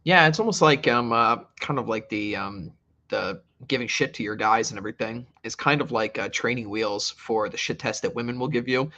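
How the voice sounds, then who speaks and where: A man hosting a casual podcast chat, talking haltingly with many fillers. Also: mid-range voice, bright, forceful tone. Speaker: podcast host. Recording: dull lo-fi sound.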